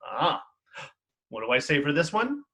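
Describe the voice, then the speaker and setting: Upbeat, lively male music teacher. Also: on the high side, measured pace. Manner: upbeat, encouraging, counts students in and chants rhythms. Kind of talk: recorded online music lesson.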